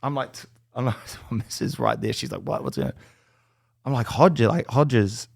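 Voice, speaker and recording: Telling animated stories as a podcast guest, a young Australian man swears freely and performs the voices of people he quotes in casual chat. He speaks mid-range at normal speed with vocal fry, in studio quality without echo.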